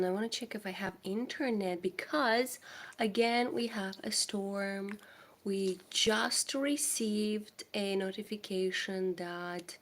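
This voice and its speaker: Slow-talking woman with a cold. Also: medium pitch. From Moldova. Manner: chatty, distracted, greets viewers. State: has a cold. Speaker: crochet livestream host. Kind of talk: casual livestream chat. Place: home indoors.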